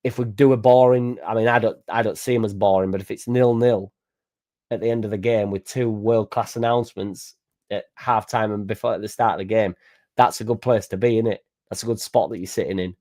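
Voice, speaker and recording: Young male fan-channel host; excitable, rambling banter with plenty of swearing. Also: mid-range voice, brisk. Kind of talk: casual live-stream chat reading viewer comments.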